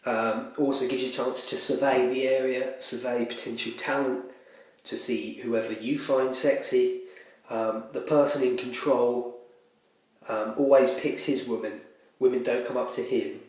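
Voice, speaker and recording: A man with a cold giving self-assured, rambling dating tips in a deadpan spoof style, a little out of breath. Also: mid-range voice. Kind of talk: deadpan spoof advice video. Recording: very echoey room.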